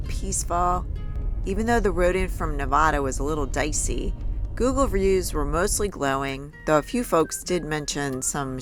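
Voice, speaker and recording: Low, gravelly woman narrating. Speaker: vlogger. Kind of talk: scripted voice-over narration.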